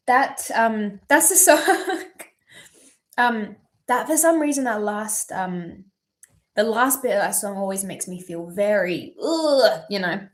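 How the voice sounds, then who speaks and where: A young woman chatting on a livestream with a teary, wavering voice. Her pitch sits in the middle of the female range. She talks openly and swears freely, with frequent ums between thoughts. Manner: candid, swears heavily, many ums. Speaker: singer-songwriter streaming live. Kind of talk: emotional livestream chat.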